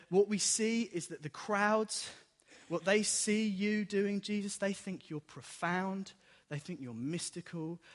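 A man preaches a sermon and acts out the story as he tells it. His voice sits a little high, and it rings with the long reverb of a large hall. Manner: animated storytelling, acts out dialogue.

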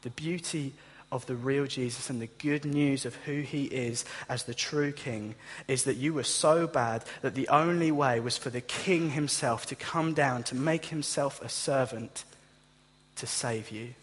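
A man's voice: medium pitch, a little slow, breathy edge. A man pastor preaching a sermon, speaking straight to his congregation with passion. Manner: impassioned preaching, direct address to listeners. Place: church. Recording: long reverb in a hall.

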